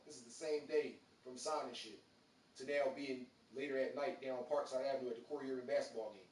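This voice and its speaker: A man in his thirties rattles off a story at a quick clip. He slips into the voices of his friends as he goes, and the street slang runs thick. He sounds set back from the mic in a roomy space with a faint hiss behind him. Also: medium pitch, recorded from a distance. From Philadelphia. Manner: animated, acts out quoted voices, streetwise slang. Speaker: radio show host. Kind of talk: casual storytelling on a live show.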